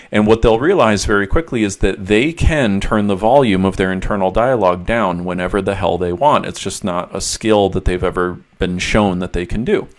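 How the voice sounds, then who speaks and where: Low-voiced male coach explaining a method. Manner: explanatory, walking through steps. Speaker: mental health coach. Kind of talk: instructional monologue.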